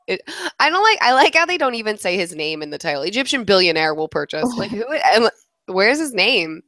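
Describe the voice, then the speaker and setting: A young woman co-hosting a casual podcast chat, sarcastic and animated, laughing often. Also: medium pitch, fairly quick, dry recording. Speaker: podcast co-host.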